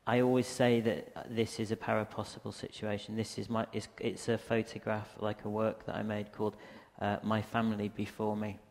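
Gravelly man giving a rambling lecture. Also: fairly low pitch, completely flat delivery, normal speed, few pauses, a little mellow. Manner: rambling, hesitant, frequent ums. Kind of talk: casual lecture with slides. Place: lecture hall in a museum. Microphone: handheld or stand microphone. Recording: reverberant lecture hall.

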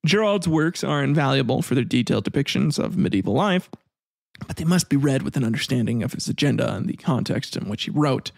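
Recorded dry with studio quality, a man with a slightly high, gravelly voice hosts a casual history podcast. He rambles between reading his notes and crude joking asides, laughing often.

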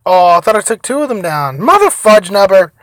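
A man's voice: high voice, very animated, brisk, dry recording. Tired young man ranting over his game. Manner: profane, rambling, swings between loud outbursts and mumbling asides. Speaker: gaming vlogger. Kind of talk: casual gameplay commentary.

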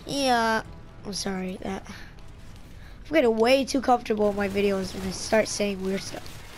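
A woman giving casual gameplay commentary, excitable and trash-talking, breaking into sudden yelps. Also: medium pitch, a little slow, slight background noise. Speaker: gaming channel host.

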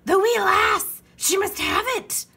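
A woman's voice: high-pitched, lively intonation, slow pace, vocal fry, bright, forceful tone, slightly rough, voice pushed up, heavily acted. A woman voicing a blustering male pirate captain in a storybook reading, hollering in pirate talk. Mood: frantic.

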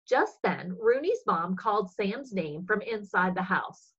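A woman reading a children's story aloud for religious education, expressive and husky. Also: mid-range voice, unhurried, hardly any pauses, dull audio.

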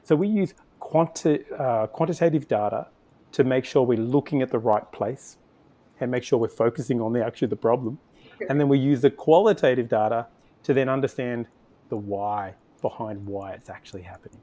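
A man's voice: mid-range voice, moderate pace, dark tone. A man speaking as a podcast guest, explaining his work in a conversational way, thinking aloud with frequent restarts and fillers. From Australia. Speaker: podcast guest, conversion optimization agency founder. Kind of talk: conversational interview answers.

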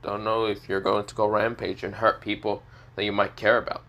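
Smug condescending teen rival, as a man reads him, bright forward voice. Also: lowish voice, flat delivery, fairly quick. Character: smug teenage male rival watcher.

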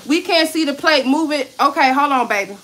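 A woman with a high, bright voice talks her viewers through a recipe on a casual cooking livestream. She is chatty and playful, jokes and swears now and then, and speaks straight to the audience. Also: fairly quick, a little hiss or hum.

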